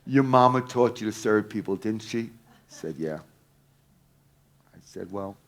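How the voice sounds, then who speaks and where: Intense man telling a story, loud to hushed. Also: fairly low pitch, animated, unhurried, pauses often. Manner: intense, swings from loud to hushed, swears casually. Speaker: speaker teaching a workshop. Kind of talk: storytelling talk to a live audience.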